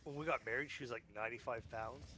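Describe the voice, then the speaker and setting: Bright-voiced joking man. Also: mid-range voice, steady tone, fast. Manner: joking, swearing, self-mocking. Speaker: podcast co-host. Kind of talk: casual gaming chat.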